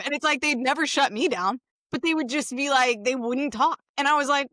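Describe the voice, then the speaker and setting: A young woman, a therapist, co-hosting a podcast, chatty and animated as she tells stories in casual conversation. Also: sits high, fairly quick, few pauses, no room sound, studio quality.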